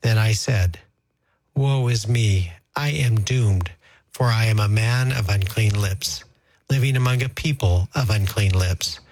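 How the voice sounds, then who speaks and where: A man reading scripture aloud in a slow, solemn, measured liturgical style. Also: on the low side, darkish tone, dry recording, rough recording. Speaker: scripture reader.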